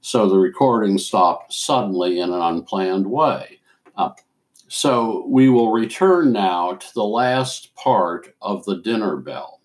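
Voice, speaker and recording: A man hosting a show and reading a story aloud in a measured, deliberate way. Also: on the low side. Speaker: host and story reader.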